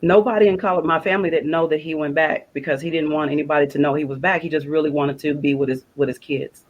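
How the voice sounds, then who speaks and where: A woman's voice: sits low, fairly even intonation, quick pace, dull audio. A woman, a guest on a faith broadcast, telling an emotional personal story in plain conversational speech and using religious phrasing. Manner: retells conversations in quoted dialogue, repeating phrases.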